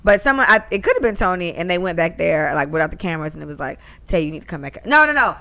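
A woman's voice: on the low side, fast talker, gravelly. A woman co-hosting a podcast, chatting casually and profanely, acting out quoted lines as she gossips. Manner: animated, profane, acts out quotes. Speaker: podcast co-host.

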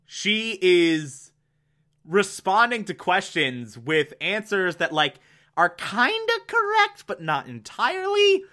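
Slow, bright-voiced chatty man. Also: sits high, very animated. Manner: chatty, laughs often, lots of fillers. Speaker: podcast host. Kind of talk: casual TV episode recap.

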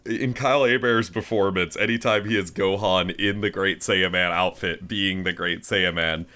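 Give me a lower-pitched man with a bright voice chatting on a podcast. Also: fairly even intonation, normal speed. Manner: enthusiastic, laughs often, hedges with "like". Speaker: podcast co-host. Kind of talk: casual chat.

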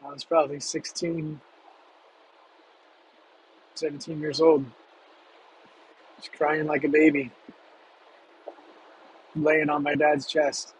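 Male storyteller, young adult, hushed emotional delivery, faint noise behind. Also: a little high, flat delivery, low-quality recording. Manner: slow, emotional, hushed retelling. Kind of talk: personal storytelling.

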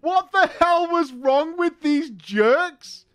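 A man with a high, bouncy voice reads a story aloud for laughs. He keeps breaking off into swearing, giggling commentary. His voice is dry and close, and faint music plays behind it. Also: takes it slowly, no echo. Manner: animated, profane, laughing asides. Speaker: podcast host reading a story. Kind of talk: comedic story reading with commentary.

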